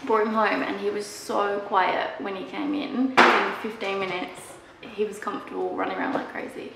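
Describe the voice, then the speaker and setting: A woman's voice: mid-range voice, fairly even intonation, normal speed, gravelly. A young woman vlogging casually at home, candid and chatty, fond but exasperated while looking after a puppy. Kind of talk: casual chat to camera. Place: room in her house. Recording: very echoey room, audible background noise.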